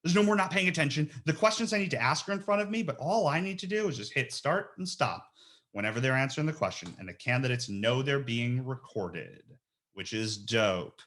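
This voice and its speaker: Energetic slangy man demoing software. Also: mid-range voice, brisk. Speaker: recruiter giving a software training. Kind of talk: casual webinar demo.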